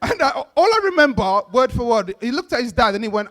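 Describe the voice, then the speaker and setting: High-voiced comedian telling stories. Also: male voice, fast talker, hardly any pauses. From Bangladesh. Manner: animated storytelling, acts out characters, laughs often. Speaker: stand-up comedian. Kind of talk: stand-up comedy set. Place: event stage.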